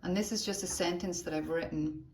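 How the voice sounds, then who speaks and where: A lower-voiced woman talks teachers through a phone demo in real time, chatty and thinking aloud as she works. The room rings with echo, and a faint hiss sits under her voice. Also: steady tone, fairly quick, a little mellow. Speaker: teacher trainer. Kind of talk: live phone demo tutorial.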